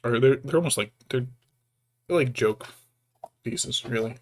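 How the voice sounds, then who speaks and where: A man's voice: mid-range voice, unhurried. A young man chatting casually on a live stream while painting miniatures, rambling and interrupting himself with jokes. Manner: rambling, self-interrupting, jokey; baby-talk to his pet between asides.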